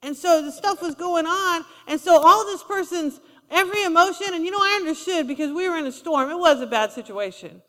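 A woman's voice: very high-pitched, animated, fairly quick, hardly any pauses, bright, forceful tone. Woman, preacher, conversational sermon, acts out quotes, echoing church hall. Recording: long reverb of a large hall.

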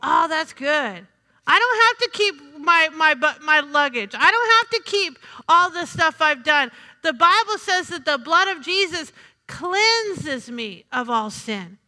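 A woman's voice: high-pitched, sing-song, unhurried, sharp tone. A woman preaching a sermon in a chatty, humorous way, calling out to the congregation for responses. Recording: reverberant hall.

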